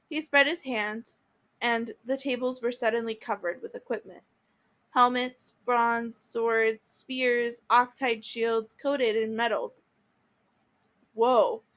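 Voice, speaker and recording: A teacher reading a novel aloud to listeners, with small restarts and repeated words along the way. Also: female voice, a little high, fairly bright tone. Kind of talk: read-aloud storytelling.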